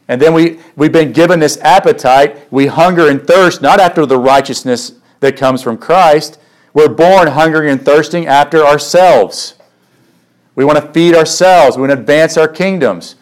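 A man preaching a sermon as pastor, emphatic and full of rhetorical questions, growing higher and more urgent as he presses a point. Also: low-quality recording. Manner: emphatic, rhetorical questions, rises in pitch when stirred.

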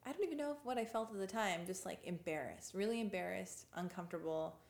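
A woman's voice: medium pitch, animated, quick pace, vocal fry, a little mellow. A woman speaks with a slight lisp, rambling through a personal story in a loose, chatty way. She leans heavily on filler words as she goes. The sound has a noticeable roomy echo. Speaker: guest. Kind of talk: casual interview storytelling.

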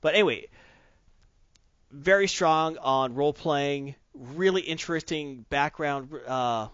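A man's voice: on the high side, takes it slowly, fairly bright tone, clean tone, no echo. Casual co-host, man; eager and rambling, full of restarts; dull, dry audio. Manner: enthusiastic, rambling with many restarts. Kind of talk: casual chat about tabletop games.

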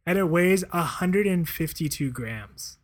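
A man co-hosting a casual podcast. His voice sits a little high for a man, and he rambles in a relaxed way, piling up fillers and chuckles as he talks. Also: measured pace. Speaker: podcast co-host. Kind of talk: casual chat.

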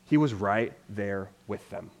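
A man giving a casual conversational sermon, energetic and loose, scattering "like" through his talk. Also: lowish voice, measured pace. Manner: energetic, loose, full of "like" fillers. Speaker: preacher. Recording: long reverb from a hall.

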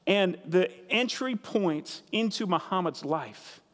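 A man's voice: high voice, moderate pace. A man preaching a sermon as pastor, earnest and conversational, repeating key phrases for emphasis. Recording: reverberant hall sound.

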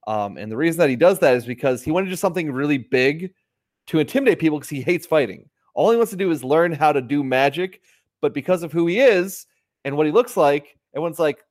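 A man co-hosting a podcast, rambling in relaxed casual chat and often restarting his sentences. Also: a little high, fast. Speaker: podcast co-host.

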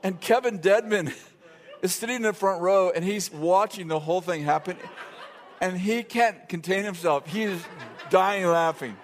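A man's voice: high-pitched, a little hiss or hum. A middle-aged man preaching in a church, telling a funny story in a rambling, self-interrupting way with lots of fillers. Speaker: pastor. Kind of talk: sermon storytelling. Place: church sanctuary.

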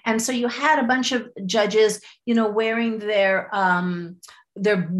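Lively woman guest telling stories. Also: mid-range voice. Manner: lively, acts out voices, frequent restarts. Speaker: storyteller guest. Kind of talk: podcast interview, telling a fable.

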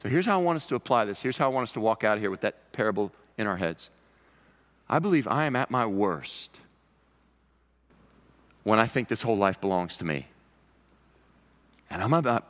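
Brief: male pastor, lively preaching delivery, long church-hall reverb. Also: medium pitch. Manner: conversational preaching, rising to emphatic pleading. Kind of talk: sermon. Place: church sanctuary.

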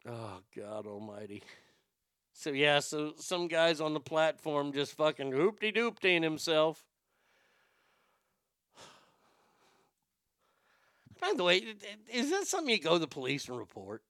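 A man, a comedian and impressionist, chatting casually on a podcast in a profane, animated way with stammering restarts, close to the mic. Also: a little high, unhurried, long pauses, clear, resonant tone, dry recording.

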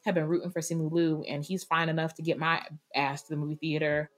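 A woman co-hosting a casual podcast roundtable, speaking in a fairly low voice. She argues her points emphatically, with plenty of opinion and animation. A faint bed of music plays underneath. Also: flat delivery, fast talker. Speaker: podcast co-host.

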